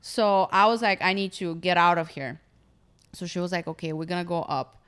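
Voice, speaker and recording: Animated woman telling a wild story. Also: on the low side, a little fast, clear, resonant tone. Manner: animated, acts out quotes. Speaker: comedian guest. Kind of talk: casual storytelling chat.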